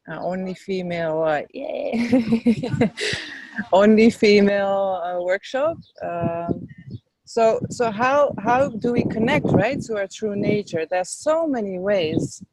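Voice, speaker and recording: A lowish, slightly mellow female voice comes through in a low-quality recording with no room sound, taken outdoors in the wind. She's a guest spiritual teacher and tour leader in a casual interview, enthusiastically and chattily discussing her tours and workshops with many fillers.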